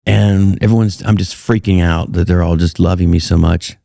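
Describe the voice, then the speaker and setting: A middle-aged man, a comedian guest, telling animated, profane stories with laughs in casual chat. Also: sits low, normal speed, vocal fry, no echo, clean studio sound. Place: live show venue.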